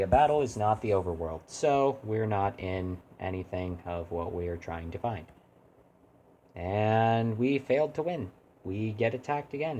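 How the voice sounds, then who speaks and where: A man's voice: lowish voice, warm tone, a little hiss or hum. A man streaming a video game, chatting casually and rambling as he keeps interrupting himself to talk to his chat. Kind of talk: casual live-stream commentary.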